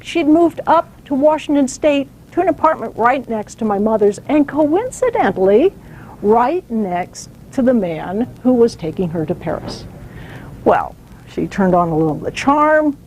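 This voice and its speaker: Woman, fairly high voice, lively storytelling lecture, faint hiss behind. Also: rough recording. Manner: storytelling, animated, uses fillers. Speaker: author giving a lecture. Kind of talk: public talk with anecdotes.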